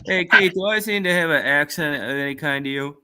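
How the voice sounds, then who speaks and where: A man's voice: fairly high pitch, brisk, pushed and bright, smooth. A man from Canada hosting a casual call-in show, jokey and selling his CDs. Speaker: host and musician.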